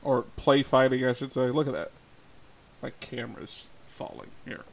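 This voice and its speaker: A man's voice: mid-range voice, normal speed, gravelly. A man chatting casually on a livestream, reading chat and teasing, laughing often.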